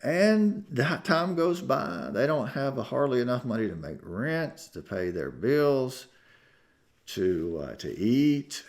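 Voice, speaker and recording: A man preaching a sermon, telling a story with emotion and swinging from hushed tones to loud climaxes. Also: mid-range voice, big pitch swings, takes it slowly. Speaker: pastor. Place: church sanctuary.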